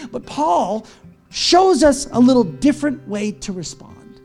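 A man preaching a sermon as pastor, moving between a low teaching tone and high, impassioned cries. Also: big pitch swings, a little slow, vocal fry, darkish tone. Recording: faint guitar music behind.

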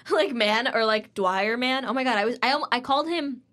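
A woman's voice: a little high, moderate pace, fairly bright tone. A woman in her twenties, a podcast co-host, chatting casually and telling rambling anecdotes full of "like" while acting out the people in them. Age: 20s.

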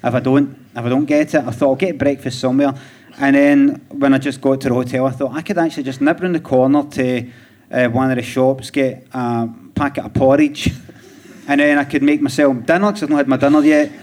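Brisk and darkish-toned, with a medium pitch and fairly even intonation, a Scottish comedian from Glasgow guests on a live theatre podcast. His storytelling rambles, with restarts and dry laughs, while the audience can be heard in the recording.

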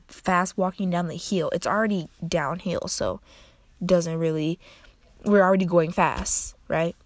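A woman's voice: mid-range voice, no room sound. Young woman rambling through a storytime. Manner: rambling, lots of "like" and "um". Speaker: vlogger. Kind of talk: casual storytime.

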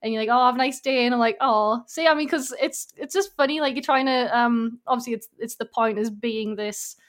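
A woman's voice: on the high side, fairly quick. A woman in a casual chat, talking in a rambling way full of fillers.

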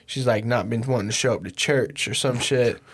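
A young man hosts a casual podcast from his home setup with a mixer, swearing constantly, laughing a lot, and telling stories with animation. His mid-range voice has a breathy edge and moves at normal speed.

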